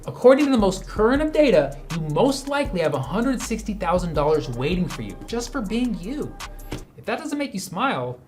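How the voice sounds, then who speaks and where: A man's voice: high voice, sing-song, brisk, a little mellow. A man performing a scripted comedy monologue, full of sarcastic, teasing jabs. His voice moves up and down a lot. Faint music plays beneath him.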